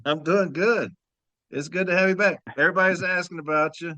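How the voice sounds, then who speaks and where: A man's voice: high-pitched, fairly even intonation, brisk, sharp tone, dry recording, highs cut off. Laid-back man hosting a podcast. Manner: laid-back, laughing storyteller, addresses audience as y'all. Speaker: podcast host. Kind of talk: casual chat.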